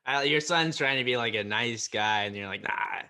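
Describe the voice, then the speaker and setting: A man hosting a casual podcast chat, laid-back, chiming in with quick replies. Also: mid-range voice, pushed and bright. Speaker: podcast host.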